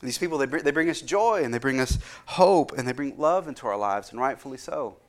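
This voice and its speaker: A man's voice: mid-range voice, lively intonation, brisk. A man in his thirties, a pastor delivering an earnest sermon that rises in intensity when he quotes scripture.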